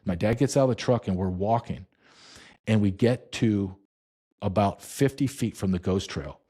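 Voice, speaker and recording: Intense, low husky-voiced man. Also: warm tone. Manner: emphatic, intense storytelling with dramatic slowdowns. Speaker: interview guest, former border agent. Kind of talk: storytelling in an interview.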